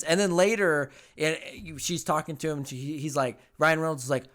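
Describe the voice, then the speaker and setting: Animated rambling male podcast host. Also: on the high side, brisk, few pauses. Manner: rambling, animated, swears freely. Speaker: podcast co-host, film reviewer. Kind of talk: casual film review chat.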